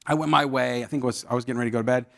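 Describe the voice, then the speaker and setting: A man's voice: medium pitch, steady tone, very fast, creaky. A man in his forties presenting a leadership workshop, talking conversationally with the audience and telling stories. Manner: conversational storytelling with audience questions. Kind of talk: live workshop talk. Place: university event hall.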